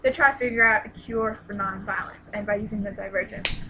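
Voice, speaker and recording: A young woman excitedly retelling a book's plot in a casual review vlog, with lots of "like" and sudden squealed exclamations. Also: mid-range voice, brisk, background noise. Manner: excitable and gushing, exclaims "What? What?"; retells the plot with many "like"s and restarts. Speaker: book reviewer.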